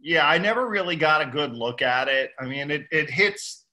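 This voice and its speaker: A man co-hosting a casual sports chat, relaxed and conversational, who swears now and then. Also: a little high, normal speed. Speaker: podcast co-host.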